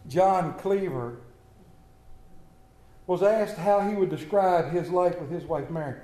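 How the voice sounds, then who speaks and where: Preacher, high voice, storytelling sermon, echoey church room. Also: male voice, takes it slowly. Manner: storytelling, shifts between hushed tender reading and lively humor. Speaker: pastor.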